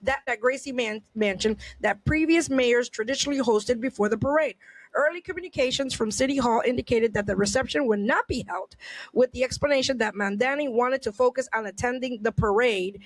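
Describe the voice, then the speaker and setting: A woman's voice: on the high side, fairly quick, no room sound. A woman hosting a casual podcast, reading news aloud and reacting with indignant rhetorical questions and many restarts. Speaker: podcast host.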